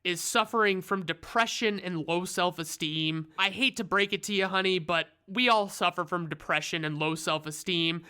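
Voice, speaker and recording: A man's voice: a little high, pushed and bright, smooth. A man giving a comedic, sarcastic movie recap, rambling and swearing freely. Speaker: reviewer.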